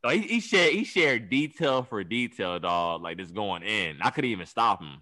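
A man's voice: fairly low pitch, very animated, normal speed, sharp tone, dry recording, clean studio sound. A young man co-hosting a casual podcast, telling a story with loose slang. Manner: laid-back slangy storyteller, says "dog" constantly. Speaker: podcast co-host.

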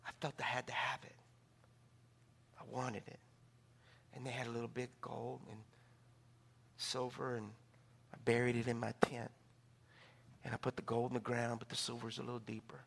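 A man acting out a guilty ancient man quietly confessing a theft, in a low murmur during a sermon. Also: level tone, moderate pace, gravelly, long pauses, slightly rough. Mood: ashamed.

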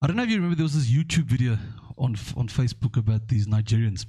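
A man's voice: medium pitch, expressive, very fast, dark tone, breathy edge. Man telling stories at length. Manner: rambling, storytelling, checking in with "okay?". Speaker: podcast host. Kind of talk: casual podcast discussion.

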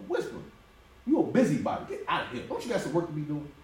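A man preaches, his pitch leaping high and low as he laughs and acts out voices. He sits a little above the usual register for a man. The sound is roomy and distant, with a faint ambience behind. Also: very animated, racing, a little mellow. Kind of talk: conversational sermon.

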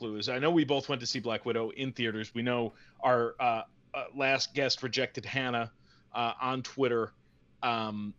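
Chatty male co-host who jokes and rambles, average pitch, slightly lo-fi recording. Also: fairly bright tone. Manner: rambling, jokey, full of fillers. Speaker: podcast co-host. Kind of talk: casual chat.

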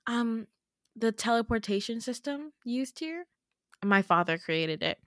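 A woman's voice: a little high, expressive, unhurried, no room sound, clean studio sound. A woman voicing a gracious, slightly snobby young female student while retelling a dream.

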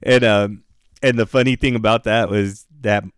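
A man's voice: fairly low pitch, steady tone, normal speed, clear, resonant tone, no echo, clean studio sound. A man telling a story in a laid-back, rambling podcast chat, swearing freely. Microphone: headphones and studio mic.

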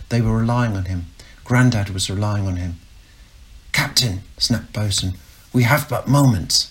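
A low, husky male voice reads a novel excerpt aloud. His delivery is understated yet carries a punch. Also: poor audio. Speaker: reader of a submitted manuscript. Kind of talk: dramatic reading of a novel excerpt.

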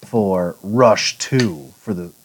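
A man's voice: low voice, extremely slow, slight background noise. A man co-hosting a casual podcast chat, rambling through stories and acting out quotes with laughs. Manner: rambling, lively retelling with put-on quotes and laughs. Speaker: podcast co-host.

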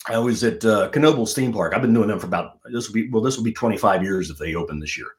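A middle-aged man telling stories as a guest in a casual interview. His pitch swings widely from line to line, and his delivery is animated. He sounds like a working comedian and ventriloquist. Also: fast talker.

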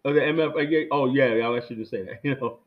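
Rambling, animated middle-aged man telling stories. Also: mid-range voice, quick pace, muffled recording. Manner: rambling, animated, many fillers and restarts. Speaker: guest. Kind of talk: casual storytelling chat.

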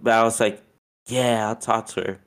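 A man casually telling a long personal story, animated and profane, acting out what people said. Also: on the low side, normal speed. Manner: animated, profane, acts out quotes with laughs.

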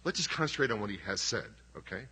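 A man's voice: fairly low pitch, animated, fast talker, bright, forceful tone, breathy edge. A middle-aged man preaching a sermon as pastor, conversational and emphatic, with self-deprecating humor.

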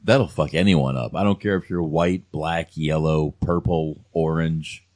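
A man chatting casually as podcast co-host, halting and repeating words, with some profanity. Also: extremely low pitch, fairly even intonation, a little mellow, no echo, studio quality. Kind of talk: casual chat.

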